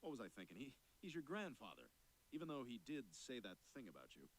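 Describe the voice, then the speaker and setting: An actor voicing a wisecracking, self-serving adult talking dog with a sardonic, wheedling manner. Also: male voice, mid-range voice, wildly swooping pitch, fast talker, a little hiss or hum.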